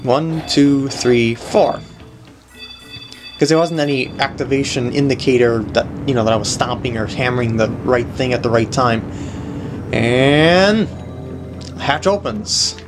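A man's voice: mid-range voice, a little slow, over music. A man hosting a video game walkthrough, chatting casually and jokily while he plays, laughing often. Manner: playful, jokey, laughs often. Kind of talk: casual gameplay commentary.

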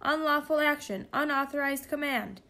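A woman's voice: sits high, moderate pace, sharp tone, pitched above the performer's own voice. A woman voicing a fussy, self-important male supercomputer in a storybook reading, speaking in a snooty, mechanical way. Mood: alarmed. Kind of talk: storybook read-aloud.

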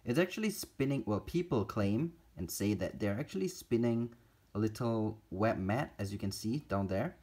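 A man's voice: lowish voice, expressive, moderate pace, a little mellow, breathy edge. A man narrating a casual pet-keeping vlog, chatty and teasing his spiders as he feeds them. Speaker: reptile and spider keeper vlogger.

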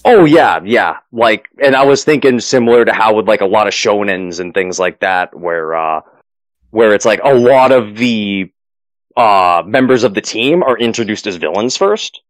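Low-voiced rambling male game master. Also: animated, moderate pace, no room sound, rough recording. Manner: rambling, with many fillers and restarts. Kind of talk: narrating a tabletop game, then casual chat.

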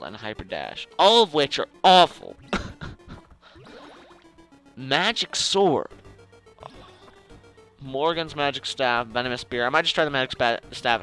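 A man's voice: mid-range voice, sharp tone. A young man giving casual, jokey commentary over his own video game play, talking to the enemies on screen. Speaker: gaming channel host.

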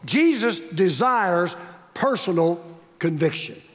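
A man's voice: high-pitched, very animated, slow pace, a bit bright. A male pastor preaching a sermon, emphatic and repetitive, building up stress on key words. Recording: long reverb of a large hall.

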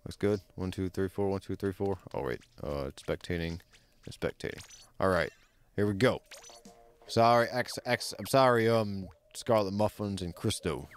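A man streaming a video game, chatting casually and excitably with his friends, swearing now and then. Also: moderate pace, smooth. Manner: excitable, swears, pitch jumps when hyped. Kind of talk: casual gameplay commentary. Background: faint game music.

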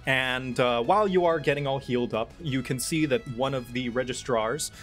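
A man narrating a tabletop game as game master, in a casual, halting way full of fillers. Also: mid-range voice, a bit bright, faint music behind.

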